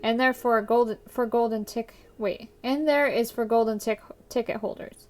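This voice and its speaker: Woman playing a rude motel clerk, New York-style accent, gruff, sneering, fairly high voice. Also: fairly even intonation, normal speed, natural voice. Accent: put-on New York-style accent.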